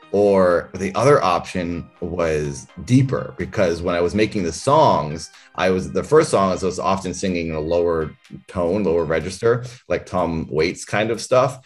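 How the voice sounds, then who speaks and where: A man with a notably deep, low-pitched voice chats as an interview guest. He speaks reflectively, thinking out loud as he goes, with faint music sitting under his voice. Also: lively intonation, normal speed. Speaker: interview guest, comedian and character performer. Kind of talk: casual interview chat.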